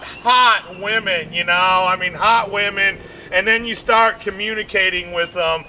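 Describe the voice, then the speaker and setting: High-voiced, bright, rambling comic man. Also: moderate pace, a little hiss or hum. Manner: rambling, animated, constant fillers, shouted punchlines. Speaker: stand-up comedian. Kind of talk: stand-up comedy routine.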